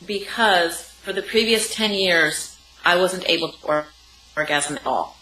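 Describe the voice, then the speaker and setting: A sex and intimacy coach in her forties, appearing as a guest, tells an interviewer a personal story in vivid, piled-up phrases. Her voice runs on the low side, measured in pace, pushed and bright, with faint music behind and a roomy recording that has faint background noise.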